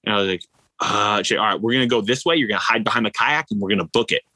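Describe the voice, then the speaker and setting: Casual, bright-voiced male athlete storyteller. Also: lowish voice, very fast, slightly rough, dry recording, low-quality recording. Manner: animated, rambling, filler-heavy storytelling. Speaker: ultra-endurance athlete guest.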